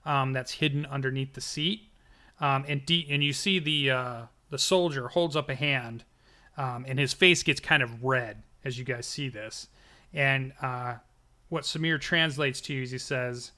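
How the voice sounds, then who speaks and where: A man's voice: mid-range voice, pushed and bright. A man narrating a tabletop game as game master, speaking loosely with many fillers.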